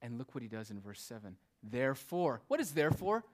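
This preacher talks fast in a mid-range voice with big pitch swings. While explaining the text he poses rhetorical questions and slips in casual asides, his emphatic delivery alternating between loud and hushed.

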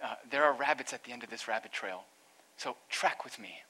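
A man's voice: mid-range voice, a little fast, sharp tone, breathy edge. A man, a pastor, preaching an earnest expository sermon that rises to emphatic peaks.

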